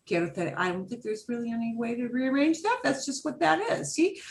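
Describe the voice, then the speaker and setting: A woman's voice: on the high side, very animated, fairly quick. A woman teaching a beginners' Spanish class over a video call, explaining patiently and repeating phrases.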